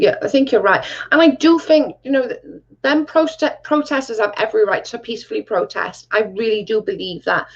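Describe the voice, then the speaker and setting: A woman hosting a casual livestream and reading chat. She talks bluntly, swears freely and says "like" a lot. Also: fairly high pitch. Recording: dull lo-fi sound.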